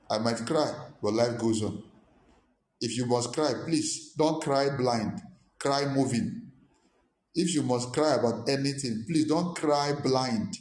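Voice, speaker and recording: A man's voice: medium pitch, a little mellow, echoey room. A man preaching a motivational sermon, who talks emphatically, repeats short commands and acts out the voices of his listeners.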